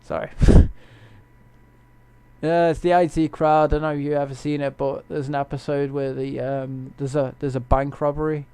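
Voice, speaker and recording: A man gives loose, joking commentary to his viewers while he plays a game from a room at home. His voice sits a little high and carries a gravelly, creaky edge. He wanders off topic easily and keeps chatting to his audience as he goes. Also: flat delivery, normal speed, mellow, dry recording. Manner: rambling, jokey, chatty with viewers. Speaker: gamer streaming gameplay. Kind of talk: casual live-stream commentary.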